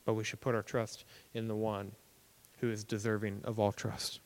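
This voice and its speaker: A young man giving a casual, conversational sermon as a preacher, animated and acting out everyday reactions. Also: on the low side, moderate pace. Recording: long hall reverb.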